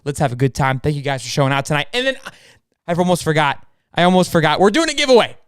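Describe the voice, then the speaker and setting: A young man co-hosting a live sports podcast, talking fast and hyped with plenty of slang. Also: on the high side, big pitch swings, smooth, no echo, clean studio sound. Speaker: podcast co-host.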